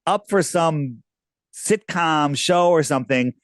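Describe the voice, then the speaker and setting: A man's voice: fairly high pitch, takes it slowly, dry recording. Chatty man telling stories as a guest. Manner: rambling, animated, with many restarts and fillers. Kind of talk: casual interview storytelling.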